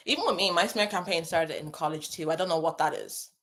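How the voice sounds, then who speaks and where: This is a young woman with a low-sitting, fairly bright voice who talks at a quick pace. As host of a casual advice chat, she reads viewer messages in a chatty, emphatic style, often repeating phrases for emphasis.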